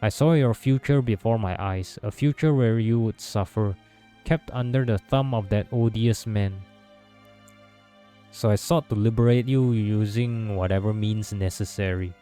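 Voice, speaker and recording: A man reading the lines of a soft-spoken, sweetly sympathetic maid who calmly admits to murder, in a game. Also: fairly low pitch, a little slow, faint music behind, natural voice.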